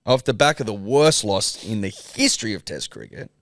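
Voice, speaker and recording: Australian male co-host, low, animated deadpan, dry close recording. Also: moderate pace, no echo. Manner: deadpan, insistent and self-defending. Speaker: podcast co-host. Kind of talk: casual banter.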